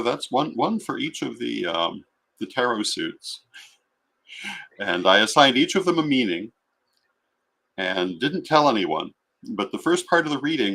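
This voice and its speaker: A middle-aged man telling stories in a reflective, relaxed chat. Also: fairly low pitch, normal speed, vocal fry. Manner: reflective, storytelling. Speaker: guest. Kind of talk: casual chat.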